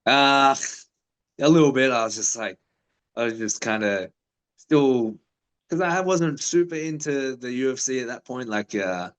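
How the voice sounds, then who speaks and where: A man's voice: medium pitch, lively intonation, unhurried, a bit bright, rough recording. A man in his thirties, a fighter, telling stories in a casual interview with a laid-back, swearing manner.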